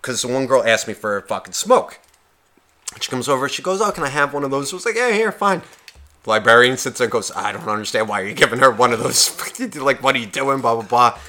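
A young man with a bright, forward voice tells a bar story on a podcast. He swears constantly and acts out every line of dialogue, voicing each person in turn. His pitch sits at an ordinary middle level. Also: fast. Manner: profane, animated storyteller acting out dialogue. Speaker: podcast co-host. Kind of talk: casual storytelling chat.

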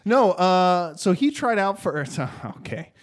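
A man co-hosting a casual podcast chat, joking and animated. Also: high-pitched, slow pace. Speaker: podcast co-host.

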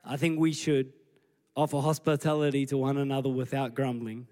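A man preaching a sermon as pastor, retelling scripture with lively acted-out dialogue. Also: mid-range voice, fairly quick. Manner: animated storytelling, acting out scripture scenes.

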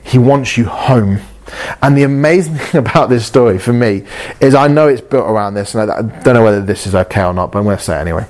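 A man's voice: lowish voice, lively intonation, quick pace, darkish tone. A man preaching a sermon in an earnest way, repeating phrases for emphasis and asking his listeners rhetorical questions. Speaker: pastor.

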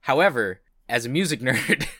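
A man co-hosting a casual podcast, rambling earnestly with lots of fillers. His voice sits at an average pitch. It is recorded very dry and close. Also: lively intonation, normal speed, pushed and bright, dry recording. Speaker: podcast co-host. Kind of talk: casual chat.

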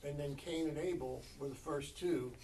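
A man in a group Bible study, thinking aloud in a halting way with many pauses and ums. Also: fairly high pitch, darkish tone, distant mic, low-quality recording.

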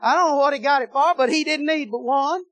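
A man preaching a sermon, telling a story in an animated, folksy way that swings between loud and low. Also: quick pace, no room sound.

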